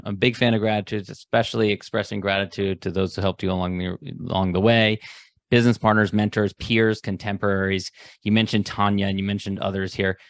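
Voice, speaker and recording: A man's voice: lowish voice, no echo, studio quality. A man hosting an interview podcast, affable and encouraging toward his guest. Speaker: podcast host. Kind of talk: interview host.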